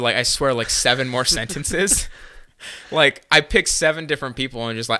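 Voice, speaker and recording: A man's voice: medium pitch, brisk, pushed and bright, no room sound. A young man telling a long story on a casual podcast, rambling with lots of fillers and swearing. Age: young adult. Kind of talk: casual chat.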